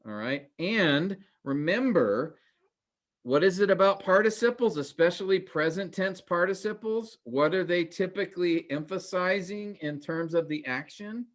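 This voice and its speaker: A man teaching a Greek grammar class online, asking questions and explaining with many pauses. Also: sits high, lively intonation.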